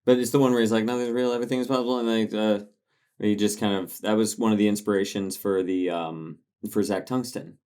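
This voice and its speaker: Man, podcast co-host, low voice, stammering, casual. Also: steady tone, mellow. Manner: hesitant, stammering, quick to laugh. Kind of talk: casual chat.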